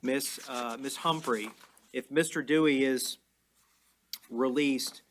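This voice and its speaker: A man presiding as judge in a courtroom, explaining orders in a measured, plain way. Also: medium pitch, steady tone, a little hiss or hum. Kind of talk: courtroom proceedings.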